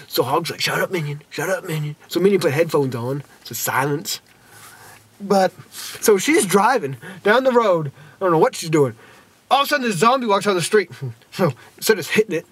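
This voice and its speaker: A man with a high-pitched, breathy, husky voice rambles through a TV episode review. He speaks about himself by a nickname in the third person and keeps calling out to his fans in a goofy, folksy manner.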